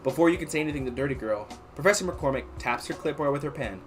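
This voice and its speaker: A man reading an interactive story aloud on a casual stream, with a very lively, swooping pitch. He narrates and chats with viewers in an animated way while faint music plays behind him. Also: fast, hardly any pauses. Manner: animated, chatty. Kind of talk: casual livestream read-aloud.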